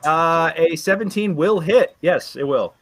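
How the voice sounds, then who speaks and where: A man's voice: a little high, unhurried. A man acting as dungeon master in a live online tabletop game, talking loosely with many restarts and laughs.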